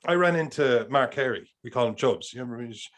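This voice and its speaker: Brief: quick, rambling male podcast co-host, mid-pitched voice, casual joking chat. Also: animated, fairly bright tone.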